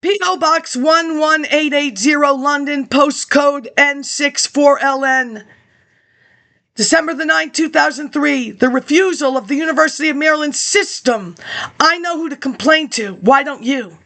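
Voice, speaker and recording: A woman's voice: high-pitched, normal speed, sharp tone. A woman rambling through a monologue, reading old papers aloud and jumping between topics with sarcastic asides.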